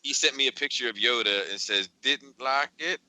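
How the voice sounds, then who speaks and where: A man hosting a podcast in casual chat, recounting a string of text messages in an animated way. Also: medium pitch, normal speed, no room sound, low-quality recording. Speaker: podcast host.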